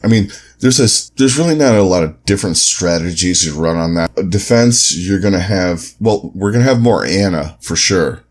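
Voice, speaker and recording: A man's voice: deep voice, animated, moderate pace, hardly any pauses. A man co-hosting a casual esports podcast, easygoing and loose, filling his talk with "you know" and "um". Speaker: co-host.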